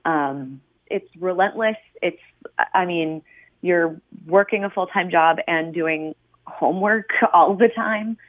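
A woman's voice: lowish voice, slow, no room sound. A young woman calling in to a radio advice show, speaking hesitantly with lots of ums. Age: young adult. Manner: hesitant, many ums, nervous laughs. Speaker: caller. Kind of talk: phone-in caller telling her story. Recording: tinny phone line.

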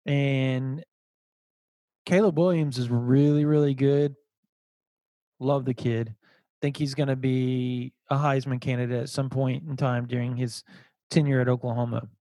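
A man's voice: medium pitch, steady tone, unhurried, pauses often, warm tone, dry recording. A man hosting a casual sports podcast, chatty and often repeating words as he laughs his way through a point. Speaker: podcast host.

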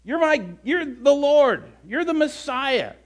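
Peter, an impulsive and devoted disciple, as a man acts him out, protests in bursts and stumbles over his words. The voice is pitched fairly high for a man. He sounds earnest and quick to insist. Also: expressive, full character voice. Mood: insistent.

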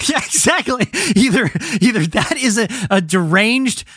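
A man on a casual comedy podcast, talking in a bright, high voice that leaps up and down. He rambles and restarts, then jumps into goofy put-on voices. The sound is close and dry, with no room around it. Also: measured pace, dry recording. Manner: animated, rambling, acts out silly voices. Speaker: show guest ranking TV shows.

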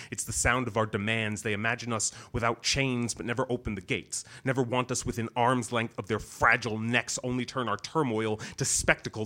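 A man voicing a weary, defiant caged male gorilla in a spoken-word poem, slow and grave. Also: medium pitch, pushed and bright, lightly acted.

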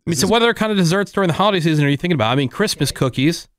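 A man's voice: on the high side, animated. A middle-aged man hosting a radio show, reading survey results with chatty asides in casual banter. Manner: chatty, reads statistics with quick asides.

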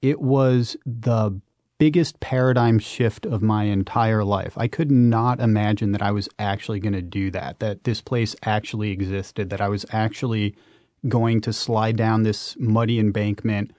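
Male interview guest, mid pitch, dry close sound, lively emphatic storyteller. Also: normal speed, no echo. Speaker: guest, urban explorer and author. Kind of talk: radio interview.

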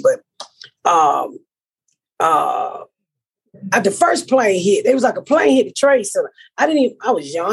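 A middle-aged American woman hosting a podcast, telling profane, animated stories and acting out what everyone said. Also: lowish voice, husky. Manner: profane, animated storyteller acting out her own quotes. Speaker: podcast host. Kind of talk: casual chat, storytelling.

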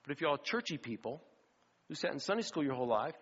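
A middle-aged man preaches a sermon, slipping into lively acted-out voices as he tells his stories. His voice sits a bit high for a man. The sound is somewhat dull and rings with the long reverb of a church hall. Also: quick pace, breathy edge. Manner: animated storytelling, acts out quoted voices. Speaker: pastor. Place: church sanctuary.

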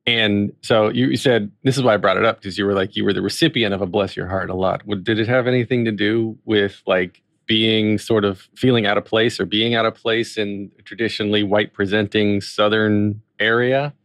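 A man's voice: lowish voice, brisk, hardly any pauses, no room sound, studio quality. A man from North Carolina hosting a casual podcast, joking and restarting his sentences. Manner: animated, joking, many restarts. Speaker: host.

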